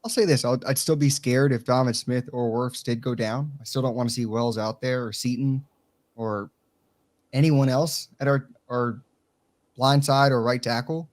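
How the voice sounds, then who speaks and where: A man's voice: mid-range voice, fairly even intonation, normal speed. A man with a country accent co-hosting a casual sports talk show, blunt and swearing freely as he tells stories. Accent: Southern US country. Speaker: co-host.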